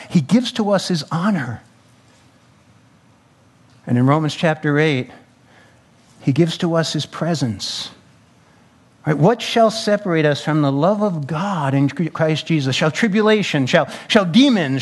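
A man preaching a sermon as a pastor, fervent, with repeated phrases, casual slang and a conversational touch. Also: a little high. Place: church sanctuary.

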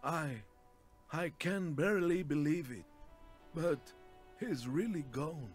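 An actor voicing a lonely old man in a game, speaking in a halting, sorrowful way. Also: fairly high pitch, animated, faint music behind. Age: older. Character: lonely old man, grieving behind a jolly front. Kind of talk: game voice acting.

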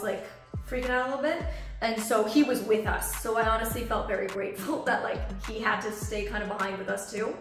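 Animated young woman storyteller, bright pitch, roomy echo. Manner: animated storytelling, acts out quoted voices. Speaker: vlogger. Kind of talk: storytime vlog. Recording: echoey room with background music. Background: soft background music.

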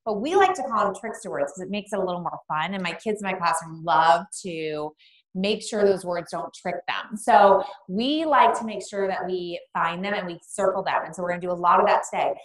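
A woman teacher giving an online early-literacy lesson to young children. She talks chattily between activities, then slows into call-and-response spelling and a sing-song chant. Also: on the low side, expressive. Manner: chatty, loose asides with fillers between activities.

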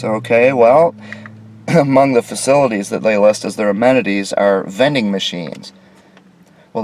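A man's voice: lowish voice, darkish tone, no room sound. A man reviewing a budget hotel in a casual, complaining way, his voice rising in disbelief at the prices. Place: hotel room.

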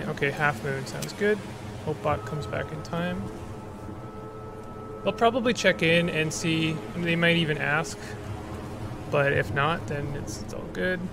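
A male streamer with a slightly high voice, talking casually through a game, often backtracking mid-sentence. A noticeable rumbling noise sits under his voice. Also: vocal fry. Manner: chatty, rambling with restarts. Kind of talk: casual gameplay commentary.

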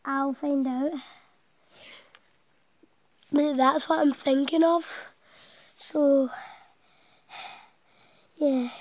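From a small blanket fort at night, a woman records a casual vlog on a nearby camera, her high-pitched voice steady, words drawn out, with frequent pauses. She's out of breath, rambling and chatty, sometimes whispering, and the recording sounds dry and muffled.

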